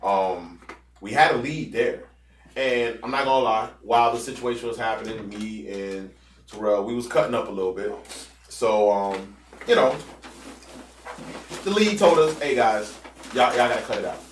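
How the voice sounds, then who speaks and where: A man's voice: on the low side, lively intonation, moderate pace, pauses often, a little hiss or hum. A man co-hosting a podcast, telling a workplace story in casual chat, swearing and acting out what people said. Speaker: podcast host. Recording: roomy sound from a distant mic.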